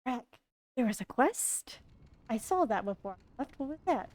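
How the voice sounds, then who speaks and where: A woman's voice: a little high, very animated, moderate pace, a little mellow. A woman streamer chatting casually over a role-playing game, joking and laughing often. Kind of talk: casual gameplay commentary.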